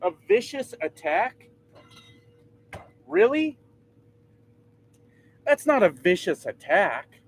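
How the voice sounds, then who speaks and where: A man's voice: high-pitched, sing-song, slow pace, pauses often, husky. A man in his thirties ranting casually and profanely to his vlog audience from inside his truck, mocking himself along the way. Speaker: trucker vlogger.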